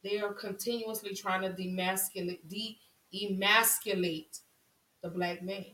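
A woman's voice: mid-range voice, fairly even intonation, measured pace, sharp tone. An impassioned woman talks straight to her viewers, repeating lines for emphasis as her feeling builds. Her voice sits back from the mic in a roomy, echoing space. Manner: impassioned, repetitive, voice rising with emotion. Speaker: vlogger. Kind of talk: emotional monologue to camera. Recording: roomy echo, voice from a distance.

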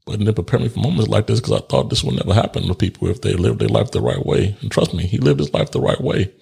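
Low gravelly man telling a story. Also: big pitch swings, quick pace, darkish tone. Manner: candid, laughs often, casual swearing; reflective and grieving. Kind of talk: personal storytelling and reflection.

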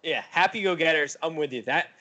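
A man's voice: on the high side, fairly quick, sharp tone, dull audio. A man hosting a casual podcast, blunt and joking with mild cursing. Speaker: podcast host. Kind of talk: casual chat.

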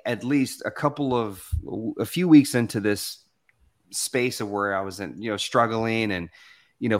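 A man from the Southern United States, speaking as a guest in a conversational, motivational storytelling talk. He acts out the voices he quotes. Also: lowish voice.

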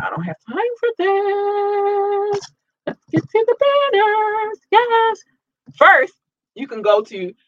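A man hosting a podcast, reading out listener shout-outs in a casual, upbeat way and tripping over place names. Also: a little high, no echo, lo-fi sound. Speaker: podcast host.

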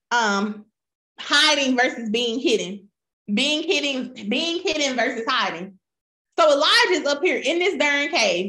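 A woman preaching a sermon, retelling scripture with lively voiced quotes and calling out to her listeners as y'all. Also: sits high. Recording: roomy echo.

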